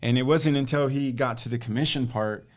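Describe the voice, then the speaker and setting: Speaking briskly in a mid-range voice, a man on a casual podcast interview describes his start in real estate, where he works as an agent. The story comes out loose and chatty, with him performing the lines of the people he quotes.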